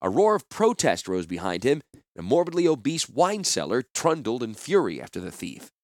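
A man narrating a fantasy novel chapter in an expressive storytelling manner. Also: mid-range voice, moderate pace, no echo, clean studio sound. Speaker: audiobook narrator.

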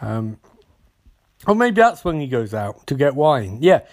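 A man's voice: mid-range voice, big pitch swings, a little slow, a little mellow. A man hosting a podcast, recapping in a casual comedic way, rambling with stammered restarts and swearing. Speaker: podcast host.

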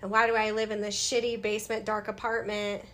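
A woman's voice: medium pitch, brisk, a little hiss or hum. A woman in her thirties, a podcast guest, telling her life story in a casual interview and acting out what people said to her. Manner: animated, acts out past dialogue.

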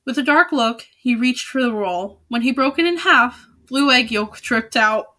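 A young woman reads a children's novel aloud in a bright, clear, slightly high voice. She slips easily into casual, joking asides between passages. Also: lively intonation, measured pace. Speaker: storybook reader.

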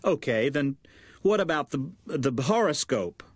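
A woman's voice: sits low, lively intonation, unhurried, breathy edge, no echo, voice pushed up, full character voice. A man reading aloud and voicing a fussy, anxious middle-aged mother who frets and pleads. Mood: fretful. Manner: fretful, pleading, easily tearful.

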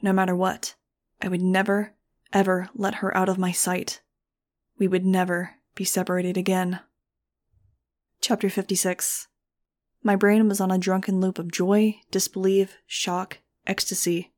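A woman narrating a novel in the first person with a steady, earnest reading. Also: mid-range voice, a little slow. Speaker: audiobook reader.

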